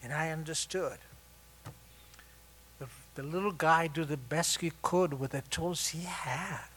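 A man in his sixties sharing a personal story at a recovery meeting, with wry, self-mocking humor that turns tender and soft. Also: fairly high pitch, a little slow, breathy edge.

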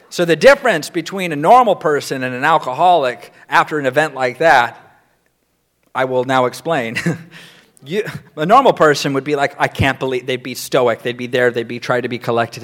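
A man sharing his recovery story as a sponsor, telling it candidly, acting out quotes and laughing through dark moments. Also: mid-range voice.

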